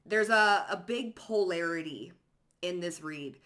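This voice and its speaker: A woman giving a psychic card reading to the viewer, animated and laughing often, calling listeners honey and swearing freely. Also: fairly low pitch, unhurried. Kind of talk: tarot reading to camera.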